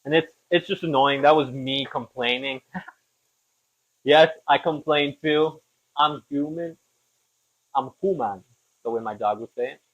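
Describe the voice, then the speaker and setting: A young podcast host cooks in his home kitchen while chatting casually, rambling and tossing in self-deprecating asides. His voice is medium in pitch with a fairly bright tone and a moderate pace. The lo-fi audio sounds slightly dull.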